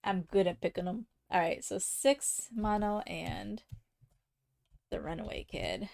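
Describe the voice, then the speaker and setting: A woman live-streaming her drawing, chatting casually with her viewers and poking fun at her own struggles, often muttering quietly as she works. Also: mid-range voice, unhurried, vocal fry. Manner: chatty, self-mocking, talks to her chat; often drops to quiet muttering while working. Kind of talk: casual chat while drawing.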